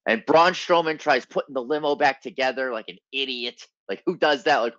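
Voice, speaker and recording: A man's voice: mid-range voice, brisk, a bit bright, no echo. A man co-hosting a podcast in casual chat, a laid-back storyteller. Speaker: podcast co-host. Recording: dull, dry sound.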